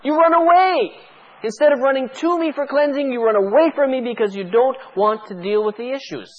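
A man with a high voice delivers a sermon, pleading with his listeners and pressing them with rhetorical questions. The sound is dull and lo-fi, like an old radio broadcast. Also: brisk. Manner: fervent, pleading preaching with many rhetorical questions. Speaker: pastor.

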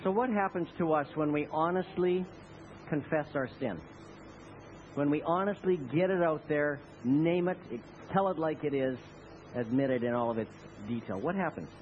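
High-voiced preaching man, tinny sound. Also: normal speed. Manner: impassioned preaching, leads congregation in responses. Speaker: pastor. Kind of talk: sermon. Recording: tinny phone-like recording with faint noise.

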